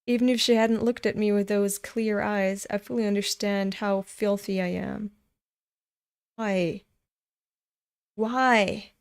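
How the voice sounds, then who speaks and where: A woman's voice: medium pitch, fairly even intonation, slow pace, pauses often, clean tone. A woman reading as a gloomy self-loathing young man. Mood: brooding.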